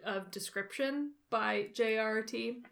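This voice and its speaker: A woman's voice: a little high, unhurried, vocal fry, a bit bright, a little hiss or hum. A woman co-hosting a casual book podcast, reading passages aloud and adding dry asides. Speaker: podcast co-host.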